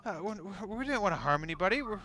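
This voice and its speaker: A man's voice: lively intonation, a little fast, sharp tone, slight background noise. Man doing a stammering nervous bandit-actor. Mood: pleading. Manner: high, flustered and stammering. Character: nervous male actor posing as a bandit, pleading.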